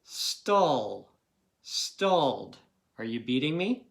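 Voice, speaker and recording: Brief: male grade-school teacher, unhurried and patient, coaxing kids along with questions. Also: mid-range voice, sing-song, creaky. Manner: patient, checks in with frequent "okay?" and questions to young listeners. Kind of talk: recorded phonics review lesson.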